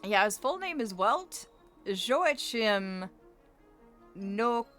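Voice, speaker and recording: A woman's voice: on the high side, very animated, takes it slowly, fairly bright tone, faint music behind. A woman streaming a game, chatting casually and theorizing in a playfully dramatic way.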